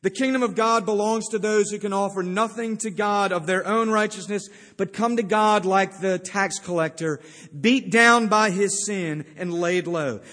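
High-voiced male pastor preaching. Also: moderate pace, fairly bright tone, long reverb tail. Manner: emphatic storytelling with acted-out quotes. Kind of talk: sermon.

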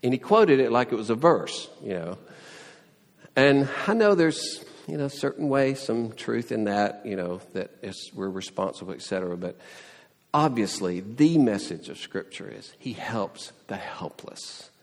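A man's voice: mid-range voice, animated, a little slow, in a large hall. A man preaching a sermon in an earnest, conversational way, often quoting prayers and scripture. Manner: earnest, with frequent restarts and quoted prayers. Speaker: pastor.

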